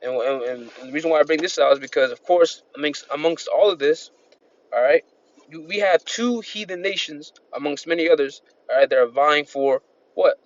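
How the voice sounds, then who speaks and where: A man's voice: on the high side, moderate pace. Male preacher, loose and repetitive delivery, scripture readings, dull home-recorded audio. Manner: rambling, repetitive, peppered with "man" and "all right". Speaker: street-style preacher. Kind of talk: informal sermon with scripture reading.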